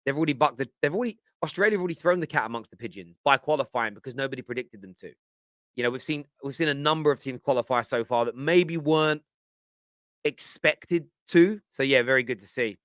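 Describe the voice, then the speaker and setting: A man hosts a live football fan stream, chatty and enthusiastic as he reads out viewer comments. His voice is crisp and clear, and the sound is dry and close, with no room around it. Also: medium pitch, fast talker, fairly bright tone, no room sound. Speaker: football show host.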